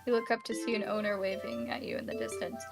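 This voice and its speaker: A woman's voice: medium pitch, big pitch swings, fast talker, gravelly. A young woman streamer reading a text horror game aloud, playful and laughing often, cooing at pets in baby talk. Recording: music playing behind the voice.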